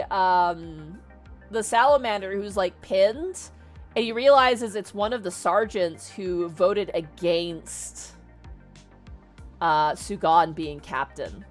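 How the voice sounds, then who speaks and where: A woman casually retelling a story, animated and swearing, with lots of "like" fillers. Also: mid-range voice, takes it slowly, soft background music. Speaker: streamer.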